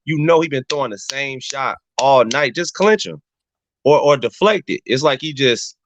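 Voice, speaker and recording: A man's voice: medium pitch, normal speed, fairly bright tone. Emphatic man breaking down a fight. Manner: emphatic, repeats phrases, addresses the crowd as y'all. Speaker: barbershop regular giving boxing analysis. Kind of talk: casual chat. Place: barbershop. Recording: dull, slightly muffled, dry sound.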